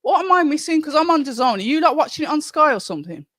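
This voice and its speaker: A woman's voice: high voice, very animated, fast, fairly bright tone, no echo. A middle-aged woman hosting a live stream, chatting casually and reading viewer comments aloud from home. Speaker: livestream host.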